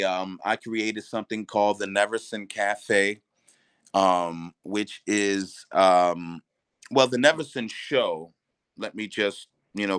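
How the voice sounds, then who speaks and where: A man, a stand-up comedian, chatting as a guest with animated, profane storytelling and frequent restarts. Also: on the low side, clean tone, no echo. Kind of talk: casual interview chat.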